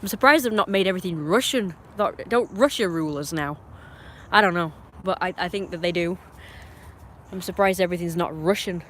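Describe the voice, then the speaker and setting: With an English accent, this live streamer drifts through casual chat, full of asides, restarts and strong views. Pitch sits in the middle, delivery is fairly quick and fairly bright, and there's a little hiss or hum.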